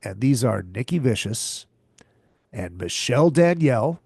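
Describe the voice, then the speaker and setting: Male podcast host, profane exasperated ranter, slow drawl with a gravelly edge. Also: mid-range voice, big pitch swings, a little mellow, dry recording, studio quality. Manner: profane, exasperated, repeats himself. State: tired and hungover. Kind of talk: crude comedic rant.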